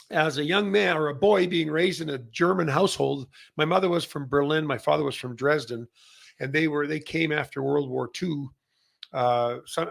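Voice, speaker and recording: A man's voice: on the high side, gravelly, a bit bright. A middle-aged man from Canada hosting a casual industry update, rambling with many fillers and restarts. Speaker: massage chair retailer and show host.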